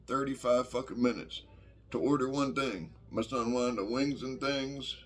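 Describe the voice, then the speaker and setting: A man's voice: medium pitch, fairly even intonation, normal speed. A middle-aged man, talking in a casual, rambling vlog monologue full of fillers and swearing. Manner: profane, rambling, many fillers. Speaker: vlogger.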